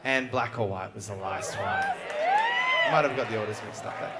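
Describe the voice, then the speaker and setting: A man hosting a live music trivia show, reading questions briskly and joking with the guests. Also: lowish voice. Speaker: quiz show host. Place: live venue before an audience. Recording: live show with crowd audible. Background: audience crowd.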